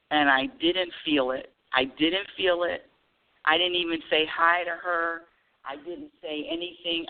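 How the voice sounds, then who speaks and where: A woman radio show host telling a casual, animated story about her week, with bursts of high excited squeals. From United States. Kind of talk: casual spiritual talk monologue. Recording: tinny phone-line audio.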